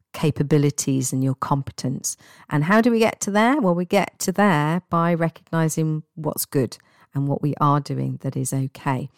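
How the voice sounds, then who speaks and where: A woman giving a guided self-help talk as a wellbeing coach, speaking in a gentle, encouraging and reassuring way. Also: sits low, no echo, clean studio sound.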